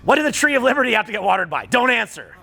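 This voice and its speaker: A man's voice: extremely high pitch, very animated, rapid-fire, gravelly, sharp tone. A middle-aged man coaching a live seminar audience, blunt and profane, rising to heated outbursts. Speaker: dating and social skills coach.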